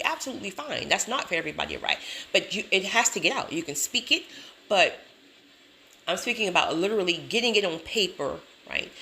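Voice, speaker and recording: A woman's voice: medium pitch, slight background noise. A woman giving a sassy, emphatic motivational talk to camera, laughing often. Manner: sassy, emphatic, repeats catchphrases; laughs often, animated storytelling. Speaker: self-help vlogger.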